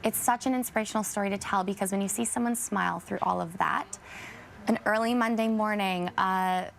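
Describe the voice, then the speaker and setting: Earnest young woman with a gravelly edge. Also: medium pitch, fairly even intonation, a little fast, a little hiss or hum. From Canada. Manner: earnest, fond, hesitant restarts. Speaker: actress and guest. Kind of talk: TV interview.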